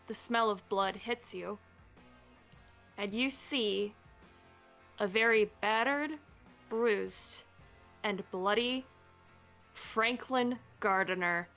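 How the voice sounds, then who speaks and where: Slow bright-voiced woman game master. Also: mid-range voice. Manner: measured, descriptive. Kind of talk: narrating a tabletop game.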